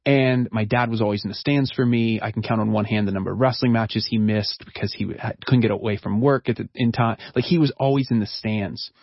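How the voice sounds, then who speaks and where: A middle-aged man, a counselor, telling a personal story in an interview in an earnest, reflective way with halting restarts. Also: on the low side, steady tone, no room sound, lo-fi sound. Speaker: counselor and guest.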